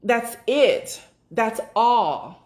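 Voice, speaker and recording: A woman's voice: a little high, animated, darkish tone. A woman giving a casual motivational talk as a doula business mentor, emphatic and repetitive, swearing freely and acting out her own inner thoughts. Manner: emphatic, repeats phrases for stress, swears freely; acts out inner thoughts in quick rushed asides.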